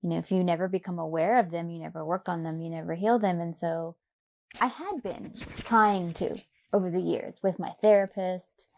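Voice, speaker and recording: A young adult woman from Louisiana, an interview guest telling her own story in a reflective, soft-spoken way with many fillers. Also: fairly low pitch, steady tone, moderate pace. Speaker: podcast guest. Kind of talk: personal story in a conversational interview.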